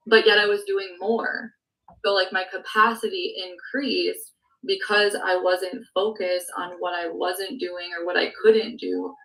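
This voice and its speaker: Speaking on a team call, a woman in sales production tells her story in a lowish, pushed, bright voice. The mic is distant and the audio poor. Earnest and emotional, sometimes near tears, she fills her candid account with "like" and "um."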